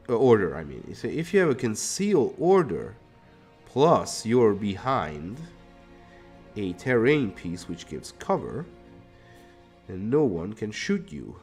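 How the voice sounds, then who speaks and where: A man's voice: on the low side, darkish tone. A Hungarian man chatting casually on a live stream while painting, thinking aloud, muttering to himself and swearing now and then.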